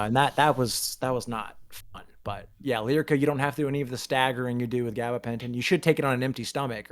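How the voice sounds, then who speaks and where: A man hosting a podcast, telling long, profane anecdotes in casual chat. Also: mid-range voice. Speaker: podcast host. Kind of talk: casual storytelling.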